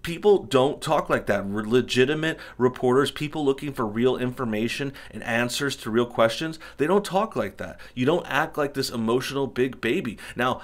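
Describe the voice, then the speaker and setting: A man hosting an opinionated commentary show, talking indignantly in a string of rhetorical questions. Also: mid-range voice. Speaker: political commentary host. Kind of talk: opinionated commentary over news clips.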